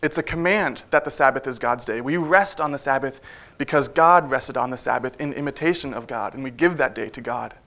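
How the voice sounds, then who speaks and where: A man preaching a sermon in a church, in a relaxed, conversational way with frequent fillers and wry asides. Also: mid-range voice, fairly quick.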